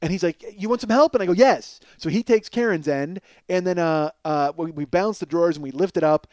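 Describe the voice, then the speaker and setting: A man hosting a podcast, telling a comic story in a profane, animated way and laughing along at his own tale. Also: on the high side, fast talker, clean tone, dry recording. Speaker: podcast host.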